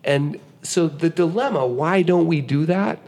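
A man as a podcast guest, explaining ideas in casual conversation and telling an animated story, acting out what people said, often restarting his sentences. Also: fairly high pitch, measured pace.

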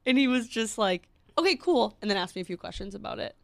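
A woman's voice: medium pitch, expressive, quick pace, vocal fry, no echo, studio quality. A woman with a Long Island accent, co-hosting a podcast and telling a dating story in a casual, chatty way full of fillers. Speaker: podcast co-host. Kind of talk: casual chat.

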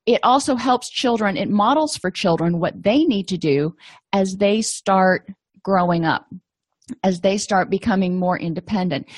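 A woman's voice: mid-range voice, dry recording. A middle-aged woman presenting an educational lecture in a conversational, anecdotal way, with frequent fillers.

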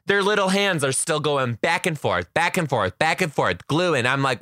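A man hosting a podcast as a kindergarten teacher, talking in a sassy, animated comedic monologue. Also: on the high side, unhurried, few pauses, dry recording, studio quality. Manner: animated, sassy, acts out classroom scenes.

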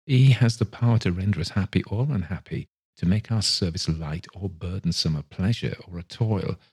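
A man's voice: deep voice, moderate pace, darkish tone, slightly rough, exaggerated voice. A man reading a story aloud, voicing a young miser who answers defensively and impatiently. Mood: earnest.

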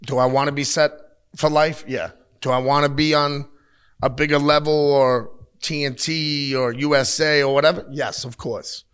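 Man in his thirties, blunt and profane, animated storyteller, higher-pitched voice. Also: normal speed, clear, resonant tone. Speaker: pro wrestler, interview guest. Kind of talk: casual interview talk. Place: at a wrestling show taping.

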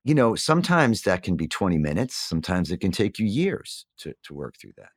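A middle-aged man being interviewed, speaking candidly and reflectively. He often pauses, uses fillers and restarts his sentences as he searches for words. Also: low-pitched, very animated, no echo, clean studio sound. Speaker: guest.

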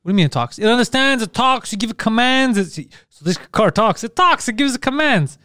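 High-voiced joking man, dry close mic. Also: animated, bright, forceful tone, dry recording. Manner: teasing, quick to do mocking voices. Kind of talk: casual joking chat.

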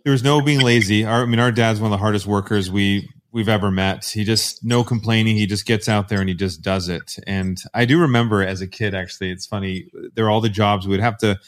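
A man's voice: lowish voice, steady tone, fairly quick, hardly any pauses. A man from Canada, a podcast guest telling rambling stories with frequent restarts. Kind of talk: casual interview storytelling.

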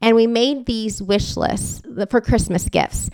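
A woman's voice: a little high, takes it slowly, creaky, a little mellow, no room sound. A woman in her forties hosting a podcast, telling heartfelt stories in an earnest, emotional way. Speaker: podcast host. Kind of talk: casual podcast conversation.

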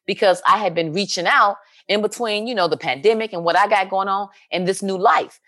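A woman's voice: mid-range voice, brisk. A woman talking casually on a talk show, acting out what people said. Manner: animated, acts out quoted dialogue.

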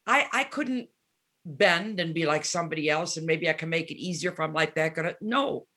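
A guest musician in her seventies, with a deep voice and a fairly quick delivery, tells candid stories during a casual interview. She's an animated storyteller who performs the lines of the people she quotes.

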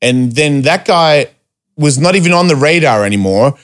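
A man's voice: on the high side, normal speed. A man telling stories in a casual podcast chat, swearing a lot and acting out quotes in a raised voice. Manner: animated storyteller, heavy swearing, acts out quotes in a raised voice.

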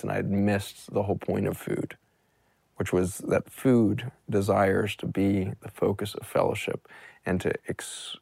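A man's voice: lowish voice, vocal fry, a little mellow, husky, no room sound. A middle-aged man, a doctor, giving an earnest, impassioned storytelling talk and posing rhetorical questions. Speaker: doctor and guest speaker.

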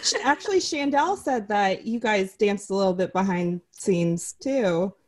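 A woman's voice: mid-range voice, measured pace. A woman interviewing an actress, upbeat and laughing easily. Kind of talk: casual interview chat.

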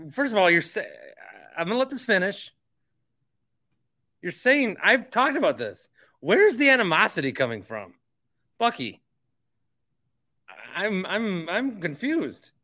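A man's voice: sits high, sing-song, measured pace, pauses often, bright, forceful tone. A male sports radio host reacting to a caller, stammering and incredulous, with frequent repeated words.

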